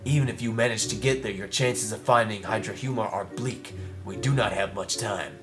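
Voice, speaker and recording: A man's voice: fairly low pitch, normal speed, over music, pitched below the performer's own voice, lightly acted. A man voicing a scholarly village doctor in a video game, speaking formally with big educated words. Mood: grave. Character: scholarly old village doctor, grave and wordy.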